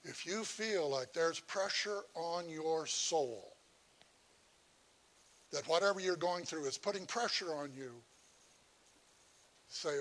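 Slow-preaching male pastor, halting restarts. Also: fairly high pitch, lively intonation, fairly bright tone. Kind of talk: sermon.

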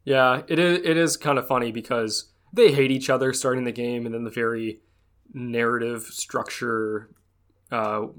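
A man's voice: mid-range voice, moderate pace. Casual young man chatting about games. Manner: animated, acts out game dialogue in raised voices. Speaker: podcast co-host. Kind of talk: casual chat.

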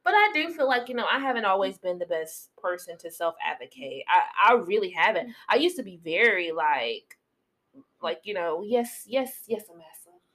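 A woman's voice: lowish voice, lively intonation, normal speed, fairly bright tone. A woman co-hosting a podcast in candid casual chat, often laughing and acting out quoted lines. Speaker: podcast co-host.

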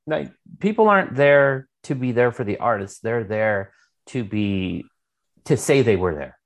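An expressive, unhurried man with a mid-range voice tells meandering stories as co-host of a casual podcast chat. Fillers and swearing run all through his talk.

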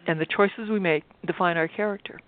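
A middle-aged woman physician speaking as an interview guest, thoughtful and halting, with many fillers and restarts. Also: on the low side, fairly even intonation, dry recording. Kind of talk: interview conversation. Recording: tinny phone-like line.

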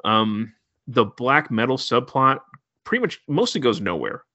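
A man's voice: medium pitch, big pitch swings, unhurried, pushed and bright, no echo, highs cut off. A man co-hosting a podcast, chatting casually and wryly about a horror movie with lots of fillers. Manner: laid-back, filler-heavy, wry. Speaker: podcast co-host. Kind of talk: casual movie review chat.

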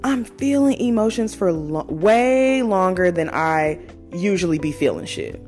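A woman's voice: lowish voice, expressive, a little slow, a little mellow, faint music behind. A woman in her twenties talking candidly in a casual personal monologue, swearing freely and using slang. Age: 20s. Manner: candid, profane, conversational with slang. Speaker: podcast host.

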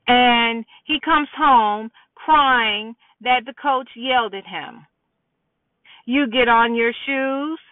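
A podcast host with a high-pitched voice gives an emphatic, preachy monologue aimed at mothers, full of rhetorical questions. The recording is dry and tinny, like a phone, with no room sound.

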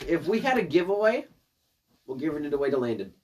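A man's voice: fairly high pitch, sing-song, fast talker. A young man co-hosting a casual podcast chat, joking around and trailing off mid-thought. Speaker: podcast co-host.

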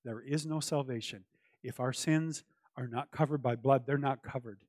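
A man's voice: medium pitch, fairly even intonation, moderate pace, darkish tone, dry recording. A man preaching a sermon as pastor, earnest and emphatic, repeating his key phrases for weight.

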